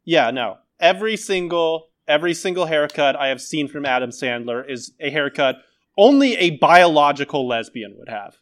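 Guy cohosting a comedy podcast, slightly high voice, deadpan fake-serious. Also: moderate pace. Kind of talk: satirical comedy podcast banter.

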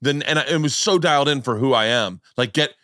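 A man's voice: medium pitch, fairly quick, a bit bright, no room sound, studio quality. A man hosting a podcast, telling rowdy stories in casual chat, swearing freely and laughing along. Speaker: podcast host.

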